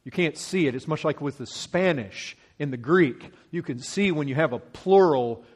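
A man preaching a sermon, working through scripture verse by verse. He swings from loud, pressing emphasis to hushed, slowed lines. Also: on the high side, animated, husky.

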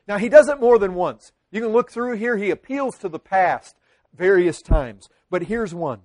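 A man preaching a sermon to his congregation, earnest, with dramatic pauses and quoted pleas. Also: high-pitched, expressive, a little mellow, no room sound. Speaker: pastor.

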